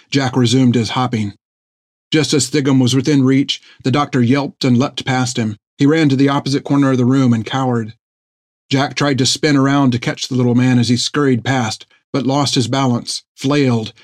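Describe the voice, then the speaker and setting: In a dry, close recording, a male audiobook narrator reads an adventure story in steady, scripted narration. His middling-pitched delivery stays even and measured.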